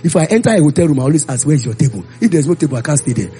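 Over soft background music, a man with a fairly high voice races through a sermon, animatedly recounting Bible stories and voicing each figure in them.

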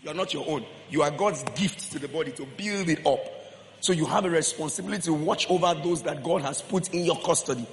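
A man's voice: on the high side, fairly quick, slight background noise. A man preaching a sermon as pastor, emphatic, repeating phrases and questioning the congregation. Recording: long hall reverb, faint room ambience.

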